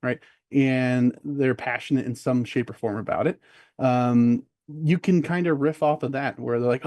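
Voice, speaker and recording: A man's voice: mid-range voice, moderate pace, darkish tone, no echo, studio quality. A man speaking as a podcast guest in casual conversation, rambling with many fillers and restarts, and acting out what other people say. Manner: acts out quoted voices of other people.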